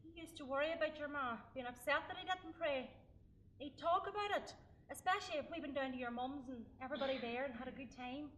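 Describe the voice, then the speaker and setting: An actress with a Northern Irish accent playing a middle-aged widow, weary and flustered. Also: female voice, high-pitched, quick pace, low-quality recording. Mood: weary grief. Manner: flustered, softly welcoming. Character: newly widowed woman, grieving and weary. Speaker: Vera. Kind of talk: stage play acting.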